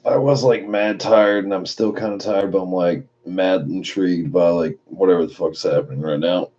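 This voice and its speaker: A very low, mellow-toned man chatting on a late-night live stream. He reads viewers' messages aloud and answers them loosely, with plenty of swearing. The audio is dull and lo-fi. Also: normal speed. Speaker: live streamer reading chat.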